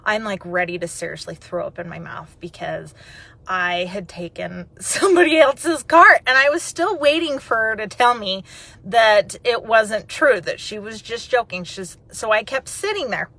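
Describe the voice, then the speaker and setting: A woman telling a personal story in a chatty, animated way, then turning it into an encouraging message. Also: medium pitch, unhurried, no echo. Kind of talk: personal storytelling and motivational talk.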